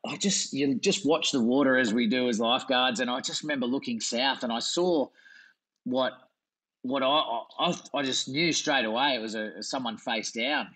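An Australian man, a lifeguard guest, recounting a rescue in relaxed, self-deprecating casual chat. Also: medium pitch, normal speed, rough recording.

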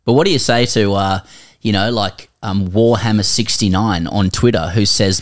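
A man's voice: lowish voice, normal speed. A man hosting a podcast, bantering and joking with guests, full of restarts. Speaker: podcast host. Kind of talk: casual banter.

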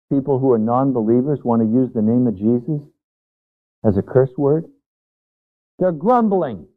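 A man preaching a Bible teaching sermon as pastor, earnest and emphatic, stretching out words for weight. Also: mid-range voice. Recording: tinny phone-like audio.

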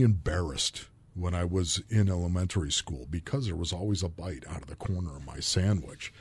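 A man's voice: sits low, a little fast, hardly any pauses, darkish tone, breathy edge, no echo. A man from Buffalo, New York, a former football player, telling personal stories as a podcast guest in an earnest and openly emotional way. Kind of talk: candid personal storytelling.

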